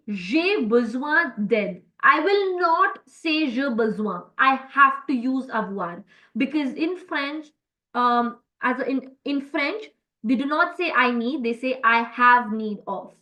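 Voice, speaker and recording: In a low-quality recording, a woman with a high, sharp voice teaches French in an online class. She explains things step by step, using lots of fillers and plenty of encouragement.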